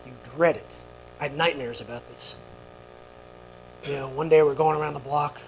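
A man telling a personal story to an audience, animated, with quick asides to the listeners. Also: on the high side, slight background noise, low-quality recording. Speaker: speaker.

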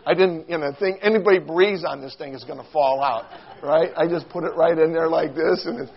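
A man preaching a sermon, telling a funny childhood story in an animated, self-mocking way and acting out quotes with squeals and shouts. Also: fairly high pitch, brisk, lo-fi sound.

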